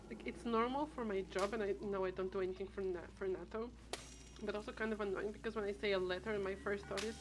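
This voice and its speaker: A woman's voice: medium pitch, fast, over music. Rambling woman streamer chatting while playing. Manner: rambling, chatty, thinks aloud with many restarts. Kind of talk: casual gameplay chat. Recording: steady background noise.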